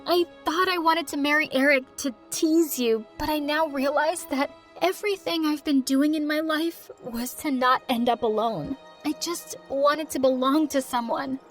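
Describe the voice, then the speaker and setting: A woman's voice: high voice, normal speed, hardly any pauses, close to an everyday voice. A woman voicing a spiteful, scornful young woman who is the younger sister, with a cold, sneering delivery over faint music. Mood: remorseful.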